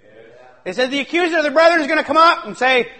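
A male pastor preaching a sermon, swinging between shouted excitement and hushed asides. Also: very high voice, fast talker.

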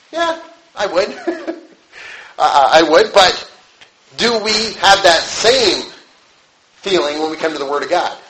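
A man's voice: a little high, a bit bright, slight background noise, rough recording. A middle-aged man preaching a conversational sermon, acting out little quoted voices as he goes.

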